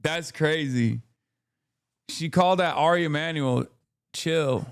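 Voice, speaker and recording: Sarcastic man with a smooth, clear voice. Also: a little high, slow pace, no room sound, clean studio sound. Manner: sarcastic, deadpan. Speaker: streamer host. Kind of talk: casual livestream commentary.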